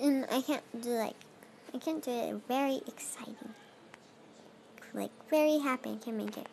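Talking at a normal speed, a young girl narrates her block-building gameplay for viewers, wandering off into self-talk with non-native phrasing. Her woman's voice sits on the high side, gravelly and darkish. It's a rough recording with slight background noise.

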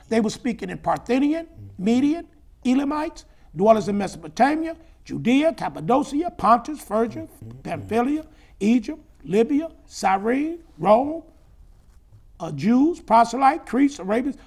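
High gravelly preaching man. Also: sing-song, a little slow. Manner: emphatic, rising to shouts, spells out words. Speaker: preacher teaching scripture. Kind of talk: sermon-style Bible teaching.

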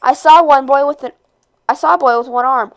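A woman reading a novel aloud, expressive, with occasional slips and rereads. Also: high-pitched, a little fast. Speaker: read-aloud narrator.

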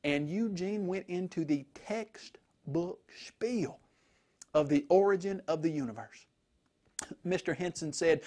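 A male preacher telling a story to make a point, with animated, emphatic delivery. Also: high-pitched, measured pace. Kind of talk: storytelling sermon.

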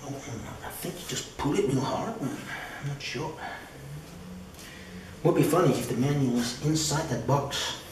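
A man's voice: a little high, a little slow, noisy background. A man giving a casual, rambling unboxing commentary, muttering to himself and swearing freely. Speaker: tech vlogger.

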